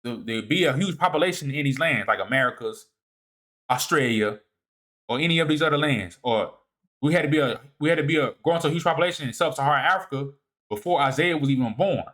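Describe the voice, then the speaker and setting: A man presenting a lecture over slides in a casual, halting way. He often repeats and restarts his words, checks in with "all right?", and swings between emphatic rises and low muttered asides. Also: lively intonation, fairly bright tone. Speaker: presenter of a video series. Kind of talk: lecture walking through slides.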